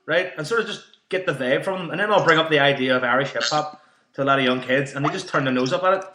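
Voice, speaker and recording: A man hosts a podcast in relaxed, eager chat, cursing casually as he talks. His voice sits a little high and sounds bright. The recording is roomy, with noticeable echo. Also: fast, a little hiss or hum. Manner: eager, laughs easily, swears casually. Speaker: podcast host.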